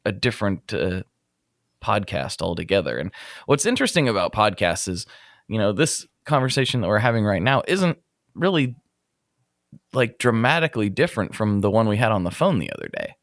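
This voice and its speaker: A man's voice: on the low side, huge pitch swings, brisk, vocal fry, dry recording, studio quality. A man hosting a casual podcast conversation, rambling and self-deprecating, laughing often. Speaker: podcast host.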